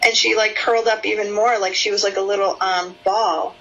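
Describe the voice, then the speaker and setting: A woman therapist explaining her work in an interview, sometimes acting out her own curious, soothing session voice with lilting high rises. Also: fairly even intonation, fairly quick, a bit bright, dull audio, slight background noise.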